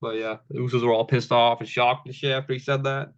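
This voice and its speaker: A man's voice: mid-range voice, level tone, fast, clear, resonant tone, lo-fi sound. A man casually recapping a wrestling show, laid-back, with lots of fillers and swearing, acting out the quotes.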